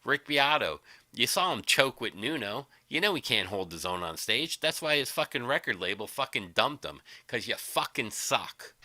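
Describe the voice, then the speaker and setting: Sharp-voiced man in a profane rant. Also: mid-range voice, big pitch swings, normal speed, dry recording. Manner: combative, heavy swearing, sarcastic. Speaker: livestream host.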